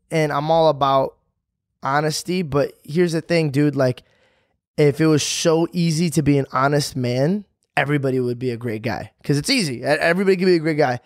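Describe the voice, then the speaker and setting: A man with a slightly higher-than-average voice, talking casually and joking around as a podcast co-host. He laughs often and teases, recorded close and dry with no room sound. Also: dry recording. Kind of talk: casual chat.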